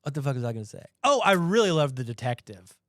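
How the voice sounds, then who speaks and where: A man's voice: medium pitch, very animated, quick pace, dry recording, studio quality. A man co-hosting a casual movie podcast, throwing in crude wisecracks and laughing often. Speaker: movie review podcast co-host. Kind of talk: casual comedic movie chat.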